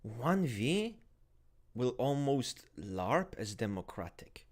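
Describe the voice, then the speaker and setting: A married man co-hosting a podcast, talking in a reflective, halting way with frequent restarts. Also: mid-range voice, sing-song. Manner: reflective, halting, many restarts and "you know". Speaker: podcast co-host. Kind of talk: casual chat.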